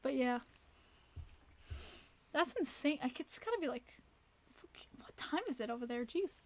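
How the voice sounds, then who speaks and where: A woman hosting a casual livestream, chatting and reacting to viewer messages with quick exclamations. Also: sits high, lively intonation, slight background noise. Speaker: livestream host.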